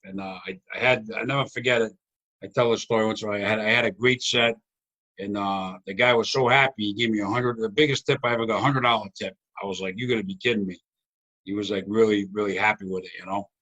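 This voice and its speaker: A man's voice: on the low side, fairly even intonation, fast, pushed and bright, rough recording. A man with a Boston accent hosting a casual comedy chat, easygoing and agreeable, with lots of fillers. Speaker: podcast host.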